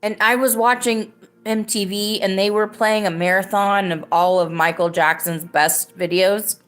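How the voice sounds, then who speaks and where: A woman's voice: medium pitch, fairly even intonation, a little slow, smooth, faint music behind. A woman in her thirties hosting a podcast, telling a story casually and rambling with many fillers and restarts. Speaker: podcast host.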